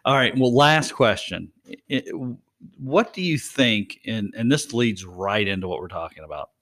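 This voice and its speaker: A man's voice: lowish voice, animated, a little slow, a bit bright. A man hosting a casual podcast chat, asking questions and laughing often. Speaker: podcast host.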